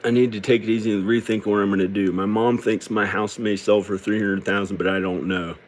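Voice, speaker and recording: A middle-aged man with a slightly low voice pours out a personal confessional monologue. He sounds tearful and downcast, halting and rambling as he goes. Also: level tone, slight background noise. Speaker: video creator.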